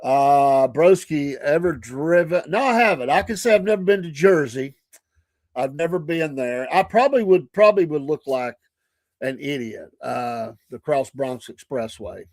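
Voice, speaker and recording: A man's voice: a little high, expressive, moderate pace, darkish tone, no room sound. Chatty man telling road stories. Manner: rambling, chatty, with self-corrections and quoted asides. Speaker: morning show host. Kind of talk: casual storytelling.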